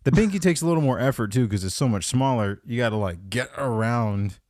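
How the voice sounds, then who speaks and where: A man hosting a comedy podcast, talking in a rambling, profane, excitable way. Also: mid-range voice, brisk, no room sound, studio quality. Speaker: podcast host. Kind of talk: casual comedic podcast chat.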